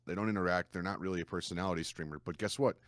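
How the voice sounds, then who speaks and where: A man's voice: low voice, steady tone, racing, fairly bright tone, no echo. A man speaking as a guest streamer in a casual podcast chat, earnest and matter-of-fact.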